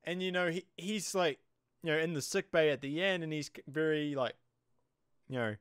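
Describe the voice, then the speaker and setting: A man's voice: a little high, normal speed, a bit bright, clear, resonant tone, no room sound, studio quality. A young man with a New Zealand accent rambles casually through an episode review, full of fillers. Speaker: show reviewer.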